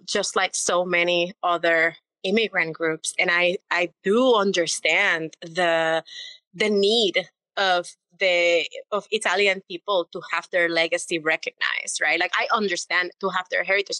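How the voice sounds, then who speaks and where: A woman's voice: lowish voice, pushed and bright, no room sound, low-quality recording. A woman from the Caribbean, a city alderwoman, explaining earnestly as a podcast guest. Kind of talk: casual interview talk.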